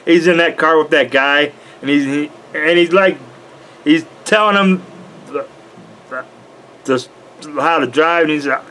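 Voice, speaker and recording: A man's voice: fairly high pitch, unhurried, pauses often, bright, forceful tone, a little hiss or hum. A man talking casually to his camera, rambling and stumbling over his words.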